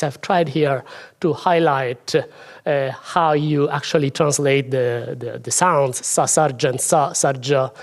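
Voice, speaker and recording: Lecturer thinking aloud. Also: medium pitch. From Italy. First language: Italian. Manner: thinking aloud, self-deprecating asides. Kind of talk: academic talk.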